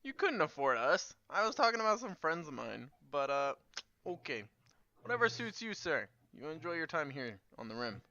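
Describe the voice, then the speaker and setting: Dude doing a sassy lady adventurer, high teasing voice, kinda muffled mic. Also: big pitch swings, moderate pace, sharp tone, heavily acted. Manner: teasing, lilting, high put-on voice. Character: sassy bold woman adventurer. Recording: dull lo-fi mic.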